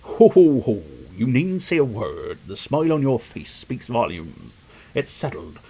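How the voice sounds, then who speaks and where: A man's voice: mid-range voice, sing-song, unhurried, vocal fry, warm tone, husky, heavily acted. A man voicing a pompous old man in a video game who names himself mayor. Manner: pompous, grandiose.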